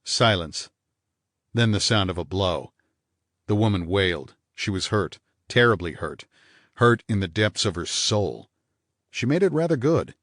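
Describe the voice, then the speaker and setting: A man reading a hardboiled first-person crime novel aloud in a measured, dry delivery. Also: sits low, fairly bright tone, no room sound. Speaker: audiobook narrator. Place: studio booth.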